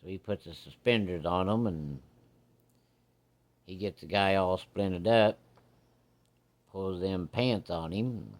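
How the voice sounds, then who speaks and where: Casting: male storyteller, lowish voice, relaxed rambling country delivery. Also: slow pace, long pauses. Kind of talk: folksy spoken storytelling.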